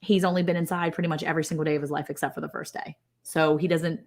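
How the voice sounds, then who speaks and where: Chatty woman with a lowish voice. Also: little pitch movement, racing, a little mellow. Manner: chatty, rambling storyteller. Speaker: co-host of a live ranch stream. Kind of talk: casual live-stream chat.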